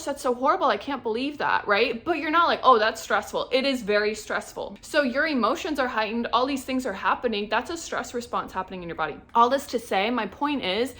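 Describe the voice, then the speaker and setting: A woman's voice: fairly high pitch, pushed and bright. A young woman coaching her viewers in a casual talk-to-camera video, chatty and checking in with "right?" as she explains. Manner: chatty, says "right?" and "my point is" often. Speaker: wellness vlogger and coach.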